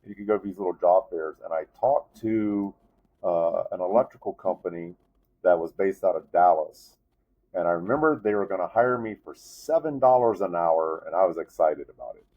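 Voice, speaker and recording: A man in his fifties, an Army veteran, telling a story in a casual interview and jumping up in pitch when he is exasperated. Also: normal speed, phone-quality sound. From United States. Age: 50s. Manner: animated storyteller, voice jumps up in disbelief.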